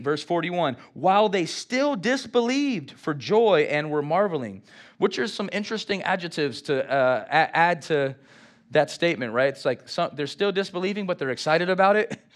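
A man preaching a sermon, reading scripture and drawing responses from the congregation. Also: fairly high pitch. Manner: lively, engages congregation with call-and-response. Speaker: pastor.

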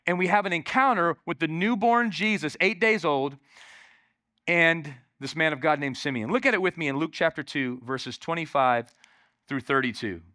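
High-voiced, animated pastor preaching. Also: male voice, moderate pace, no echo, clean studio sound. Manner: calls on the crowd, exclaiming and animated. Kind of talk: lively sermon. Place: church.

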